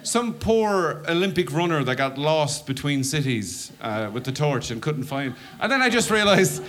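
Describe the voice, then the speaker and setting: A man's voice: mid-range voice, very animated, fairly quick, few pauses. An Irish man doing stand-up, telling a story and acting out his own panicked inner voice. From Ireland. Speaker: stand-up comedian.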